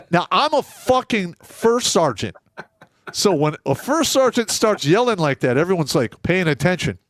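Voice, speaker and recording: Profane storytelling ex-soldier, lively pitch. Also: male voice, moderate pace, dry recording, studio quality. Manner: profane, animated storytelling with loud outbursts. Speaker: co-host; former first sergeant. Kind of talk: casual podcast chat.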